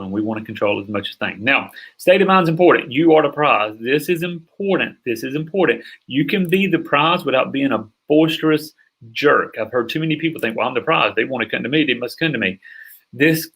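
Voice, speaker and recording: A middle-aged man from North Carolina with a slight Southern drawl, teaching sales in a fast, emphatic way and often checking that listeners are following. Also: medium pitch, fairly bright tone, slightly rough. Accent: Southern American drawl. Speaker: sales coach. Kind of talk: teaching a sales training session.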